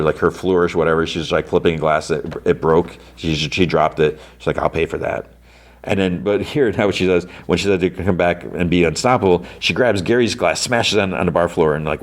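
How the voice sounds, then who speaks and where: A man hosting a podcast, casually recapping a show episode, rambling with lots of "like" and "um". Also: deep voice. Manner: rambling, heavy on "like" and "um" fillers. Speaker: podcast host.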